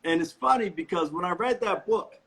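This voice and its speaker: A man's voice: high voice, lively intonation, moderate pace, bright, forceful tone. A man interviewing a guest in casual chat, enthusiastic and laughing often. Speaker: interviewer, co-owner of studio.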